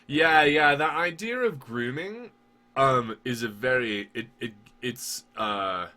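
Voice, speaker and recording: A man's voice: mid-range voice, animated, slow, sharp tone. A man chatting casually on a podcast, rambling with lots of fillers and swearing, and at times building into heated rants. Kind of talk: casual conversational podcast chat.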